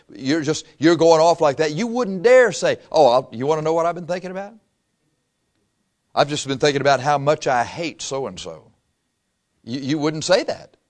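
A man preaching a sermon, acting out little scenes and swinging from loud outbursts to hushed asides. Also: a little high.

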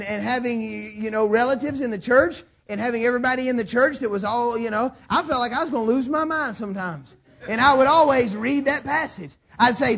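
A male pastor preaching a sermon, telling folksy stories and rising to shouts. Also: very high voice, creaky, husky.

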